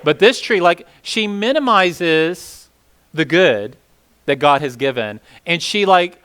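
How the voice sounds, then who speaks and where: A man's voice: on the high side, expressive, slow, fairly bright tone, smooth. A man leading a casual Bible teaching session, talking conversationally with many fillers and asking the group questions.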